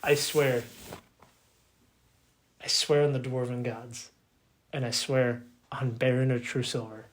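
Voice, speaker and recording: A man voicing an earnest male halfling adventurer who speaks in measured oaths. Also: mid-range voice, fairly even intonation, lightly acted. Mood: solemn.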